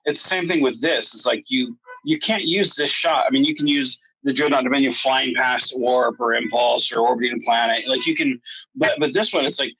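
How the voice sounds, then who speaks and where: A man interviewing a guest, talking haltingly with many restarts. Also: mid-range voice, bright, forceful tone, breathy edge, no room sound. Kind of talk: casual interview chat. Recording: dry, dull lo-fi mic.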